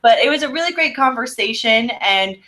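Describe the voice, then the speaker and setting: A woman's voice: on the high side, animated, brisk, sharp tone. A woman co-hosting a casual video-call chat, bubbly and rambling with frequent giggles. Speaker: co-host. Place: home office, video call.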